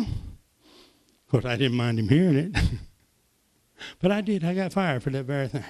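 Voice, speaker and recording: An older man preaching, telling folksy stories that swing from soft asides to loud exclamations. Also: on the high side, animated, moderate pace. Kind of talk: sermon testimony.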